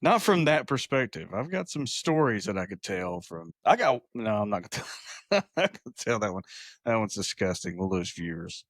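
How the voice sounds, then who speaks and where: A man co-hosting a podcast in casual chat, laid-back, chuckling along and chiming in with quick quips. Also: fairly low pitch, animated, fairly bright tone, no room sound, studio quality. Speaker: podcast co-host.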